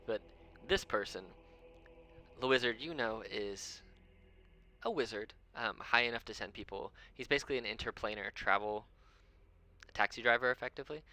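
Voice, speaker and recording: A man's voice: medium pitch, brisk, sharp tone. A man narrating a tabletop game as game master, rambling with lots of ums and frequent chuckles.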